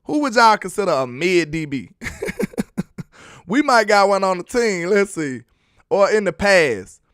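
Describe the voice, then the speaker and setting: A man's voice: high-pitched, very animated, measured pace, a bit bright, clear, resonant tone, dry recording, studio quality. A man casually breaking down football film on a live stream, chatty and laughing as he teases his viewers. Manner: chatty, laughing, teasing the chat. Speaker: sports film-study streamer.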